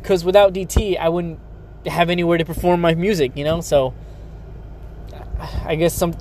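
Young male rapper, bitter sarcastic profane rant, slightly high voice, faint street traffic behind. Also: a little mellow. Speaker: rapper and vlogger. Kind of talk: ranting monologue.

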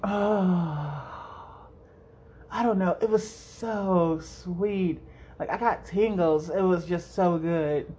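A woman's voice: lowish voice, a little mellow. A young woman hosting a solo podcast, rambling casually, swearing freely and laughing often. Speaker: podcast host.

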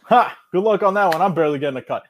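A man with a notably high speaking voice, chatting on a podcast as a guest. He talks in a loud, hyped-up, bro-ish way, full of banter. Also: animated, racing, highs cut off, crowd noise. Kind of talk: casual podcast chat.

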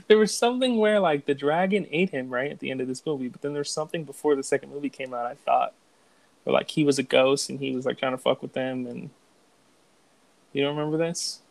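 Young male co-host, gritty fry in the voice, dead dry mic, loose and joking. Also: medium pitch, a little fast, no echo, poor audio. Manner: joking, laughs easily, swears freely. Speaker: podcast co-host. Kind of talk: casual chat.

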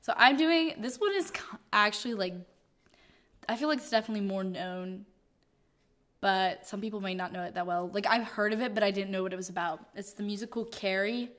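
A woman's voice: mid-range voice, a little fast, a bit bright. A woman co-hosting a podcast in casual chat. She is chatty and giggly, uses lots of "like" fillers, and reads a story synopsis in a dramatic voice. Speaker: podcast co-host.

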